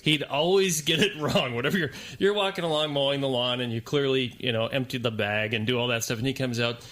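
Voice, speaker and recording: A man's voice: mid-range voice, a little fast, fairly bright tone. A man on a casual podcast, explaining things earnestly as he recalls his years doing improv. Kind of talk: casual chat.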